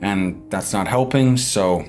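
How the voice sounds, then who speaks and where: A man's voice: fairly low pitch, takes it slowly. Young man, casual vlog narration, candid, swears, stressed, music playing behind. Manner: frank, stressed, swears freely. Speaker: vlogger, father of a baby.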